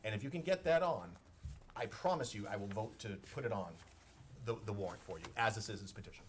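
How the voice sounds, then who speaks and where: Brisk joking man chairing a board. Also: fairly low pitch. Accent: Boston area. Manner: brisk, joking, self-deprecating. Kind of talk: chairing a town board meeting. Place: town meeting room. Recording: noisy public-access meeting audio.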